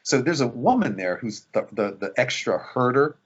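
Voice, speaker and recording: A man's voice: medium pitch, animated, normal speed, husky, lo-fi sound. A male actor in a casual interview, telling behind-the-scenes stories animatedly, acting out quotes and laughing often.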